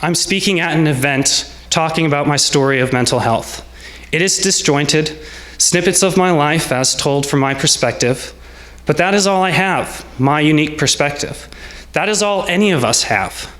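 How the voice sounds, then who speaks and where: A man's voice: on the high side, fairly bright tone. Reflective young man telling a story. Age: 20s. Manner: measured, reflective delivery in short present-tense lines. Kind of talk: personal storytelling on stage. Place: small salon event space.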